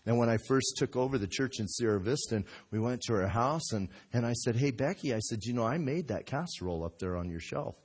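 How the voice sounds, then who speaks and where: A middle-aged man preaching a sermon in a church, telling folksy stories and acting out voices with big jumps in pitch and loudness. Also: animated, fast, hardly any pauses, slightly rough. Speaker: pastor.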